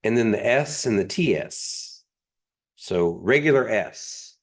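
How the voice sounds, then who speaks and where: Brief: man, low voice, very slow and patient, teaching sounds in a classroom. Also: animated. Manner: slow, patient, repeats each sound three times. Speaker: language teacher. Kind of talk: pronunciation drill in a class.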